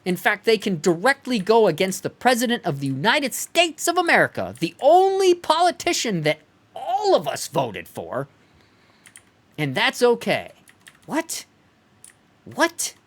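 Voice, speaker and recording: A man's voice: high voice, wildly swooping pitch, normal speed, a bit bright. A man ranting heatedly and profanely during a game live stream, sometimes mocking others in put-on voices. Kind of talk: live-stream rant while gaming.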